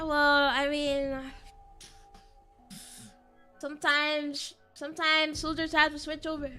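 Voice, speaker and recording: High, bright-voiced woman streamer. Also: monotone, slow pace, pauses often, faint music behind. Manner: rambling, self-mocking, laughs often. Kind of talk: casual game stream commentary.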